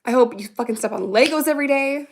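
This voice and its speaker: A woman in her thirties with a high-pitched voice talks quickly on a livestream as a vlogger answering viewer comments. She reacts aloud in a casual, rambling, profane way and laughs often.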